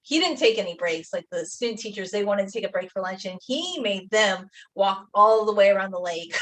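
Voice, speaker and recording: A woman's voice: mid-range voice, brisk, fairly bright tone. A young woman chatting casually while painting on a live stream, rambling through a story with lots of fillers like "like". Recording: voice a bit far from the mic.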